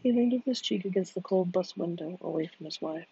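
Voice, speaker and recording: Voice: medium pitch, a little fast, creaky, dark tone, husky. A narrator reading a novel aloud in a dramatic way, often dropping into whispers, in a dull lo-fi recording. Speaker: audiobook narrator.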